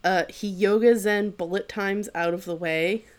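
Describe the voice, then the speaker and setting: A woman's voice: mid-range voice, fairly even intonation, measured pace. A woman casually retelling an anime plot, swearing offhandedly and laughing as she goes. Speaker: podcast co-host. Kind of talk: casual chat recapping an anime.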